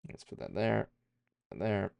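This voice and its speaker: A man's voice: on the low side, wildly swooping pitch, a little slow, gravelly, a little mellow, clean tone, dry recording. A man streaming himself drawing, thinking aloud in a rambling, self-deprecating way with many fillers. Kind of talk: casual streaming chat while drawing.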